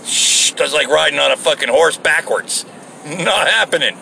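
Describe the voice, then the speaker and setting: A man's voice: on the high side, expressive, normal speed, gravelly, pushed and bright. A man rambling casually to himself while driving, profane and joking, with road and air-conditioning hum behind him. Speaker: solo show host. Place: inside a car.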